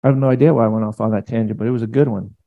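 A male pastor preaching a sermon in an animated, conversational way, acting out quotes as he goes. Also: medium pitch, very fast, vocal fry, phone-quality sound.

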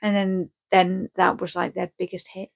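A woman's voice: fairly low pitch, completely flat delivery, moderate pace, gravelly. Rambling, jokey woman. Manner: rambling, jokey, acts out scenes. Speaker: podcast co-host. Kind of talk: casual chat.

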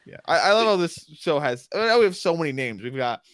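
A man's voice: a little high, sing-song, fast talker, a bit bright, no echo. A man talks through a TV episode in loose, rambling sentences, often breaking off and starting again. His enthusiasm keeps pushing through as he goes. The sound is dry and close, with no room around it. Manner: rambling, self-interrupting, enthusiastic. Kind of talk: casual TV recap chat.

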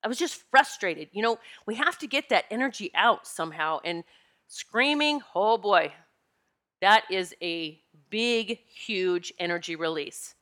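Woman host, bright and candid, spiritual storyteller, animated and emotional. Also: medium pitch, unhurried. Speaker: podcast host and retreat leader. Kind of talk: personal spiritual talk to listeners. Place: Pennsylvania home.

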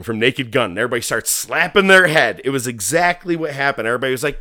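A man's voice: mid-range voice, fast talker, few pauses, no echo, clean studio sound. A man co-hosting a casual wrestling podcast, telling stories with lots of swearing and acting out what people said. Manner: animated storyteller, swears freely, acts out quotes. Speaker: podcast co-host.

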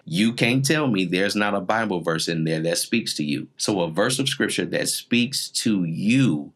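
A man's voice: low-pitched, a bit bright. A man in his forties preaching a teaching sermon in numbered points, emphatic and repetitive. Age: 40s.

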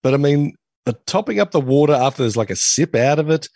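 A man with a somewhat high, gravelly and husky voice chats casually and chimes in with short agreeing replies. His pitch moves about with animation. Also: expressive, fast talker, a little mellow, no room sound, studio quality. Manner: brief agreeing replies, chiming in. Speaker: podcast co-host. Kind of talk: casual chat.

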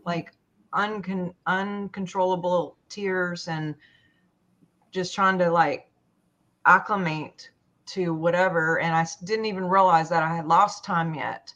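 A woman with a slightly low voice tells her own story in a group talk. She hesitates a lot and restarts her sentences, and the sound is dull and lo-fi. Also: steady tone, fairly bright tone. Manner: halting, full of fillers and restarts. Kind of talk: personal story in a discussion.

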